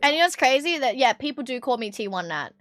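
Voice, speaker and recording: A woman's voice: sits high, sing-song, fast talker, a bit bright, no echo, studio quality. An Australian woman streaming live, chatting casually with her chat, swearing freely and laughing often.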